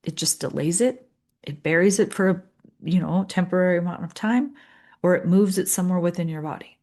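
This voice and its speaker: A middle-aged woman coach talks in a gentle, empathetic podcast monologue. Her voice sits a little low, and she builds her points through repeated phrases and lists. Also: a little fast. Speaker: leadership coach.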